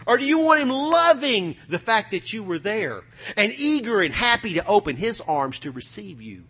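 A middle-aged man from the United States preaching a sermon, fervent, going from loud bursts to hushed asides. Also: high voice, very animated, normal speed, breathy edge.

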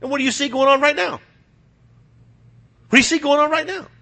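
A middle-aged man from the United States preaching a sermon, fervent, going from loud bursts to hushed asides. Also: very high-pitched, brisk, vocal fry.

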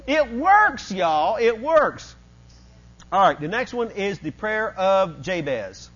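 A man preaches in a high voice, animated and conversational, slipping into quick asides to his congregation. The recording is dull and lo-fi. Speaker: pastor. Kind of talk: sermon.

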